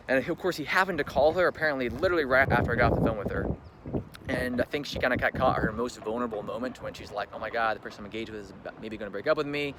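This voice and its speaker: A young man telling a personal story in a casual vlog, chatty and full of "like", acting out what people said. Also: medium pitch. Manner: chatty, full of "like", acts out quoted talk. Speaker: vlogger. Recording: loud background ambience noise.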